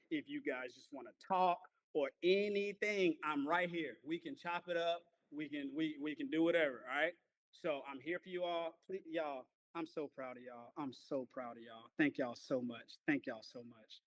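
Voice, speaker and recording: A man of forty, teaching a class in a playful, animated way, praising and joking with his students. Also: on the high side. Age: 40s.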